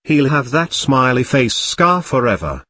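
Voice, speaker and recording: A man voicing a whimsical, sly old male wizard headmaster, calm and dry in his delivery. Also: mid-range voice, a little slow, no room sound, exaggerated voice. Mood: offhand.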